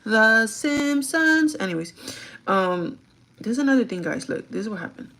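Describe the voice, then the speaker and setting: A woman's voice: lowish voice, animated, brisk, gravelly. A woman chatting casually on a get-ready-with-me livestream, venting and swearing freely, slipping between English and Spanish. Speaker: vlogger.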